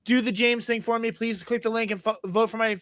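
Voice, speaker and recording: A man's voice: extremely high pitch, fairly even intonation, brisk, a bit bright, no room sound. A tired, sleep-deprived man in his thirties hosts a podcast, earnest and grateful, with many fillers. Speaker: podcast host. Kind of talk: casual podcast chat.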